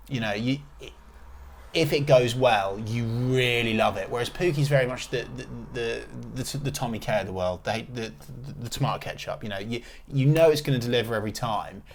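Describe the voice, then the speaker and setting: A man's voice: mid-range voice, a little hiss or hum. A man hosting a casual football podcast, talking in emphatic, confident opinions with frequent restarts. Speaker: podcast host.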